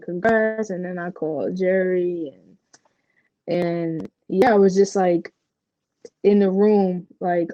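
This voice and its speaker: A woman's voice: mid-range voice, dry recording, lo-fi sound. A young woman from Puerto Rico, a professional basketball player, telling candid stories in a casual interview, full of fillers. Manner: candid, animated storytelling with many fillers.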